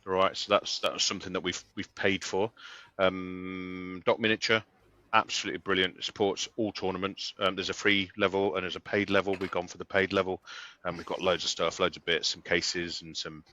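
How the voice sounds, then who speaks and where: A man co-hosting a hobby podcast in easy chat. His voice sits very low but has a bright, forward edge. He rambles through thanks with plenty of ums and false starts. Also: little pitch movement, fairly quick, no room sound, dull audio. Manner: thanks sponsors with many fillers and restarts. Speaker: podcast co-host. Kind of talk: casual chat.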